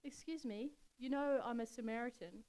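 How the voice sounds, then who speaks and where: A woman's voice: on the high side, fairly quick, darkish tone, clean tone, close to an everyday voice, low-quality recording. A woman voicing a shocked, wary Samaritan woman at a well, who answers in an incredulous, defensive way.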